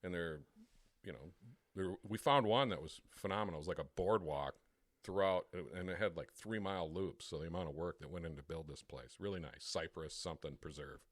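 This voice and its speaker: A man co-hosting a podcast, telling a crude, profane story with plenty of swearing and quick imitations of other people. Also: deep voice, no echo, studio quality. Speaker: podcast co-host. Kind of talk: casual storytelling chat.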